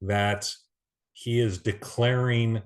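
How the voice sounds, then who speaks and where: A man giving an earnest Bible teaching, reading scripture aloud with pauses and restarts. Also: fairly low pitch, fairly even intonation.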